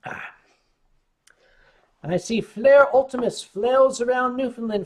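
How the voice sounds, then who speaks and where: A man's voice: high voice, expressive, normal speed. An American man hosting a casual livestream, telling rambling stories with frequent stammered restarts. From United States. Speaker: livestream host.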